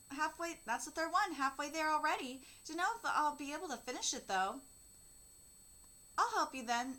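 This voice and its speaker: A woman in her thirties hosting a manga reaction, reading the dialogue aloud and reacting with candid emotion. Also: high voice. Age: 30s. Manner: emotional and candid, reads dialogue flatly between outbursts.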